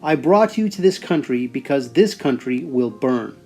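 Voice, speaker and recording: A man's voice: mid-range voice, expressive, moderate pace, warm tone, faint music behind. A man voicing a grave divine voice from a light. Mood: solemn warning. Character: solemn divine male voice speaking from a light.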